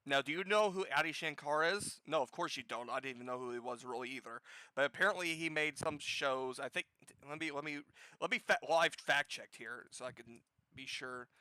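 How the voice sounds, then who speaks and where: A man hosting a gaming news show with casual commentary, profane and sarcastic, jumping from loud outbursts to low muttering. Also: brisk, clear, resonant tone, no room sound, poor audio.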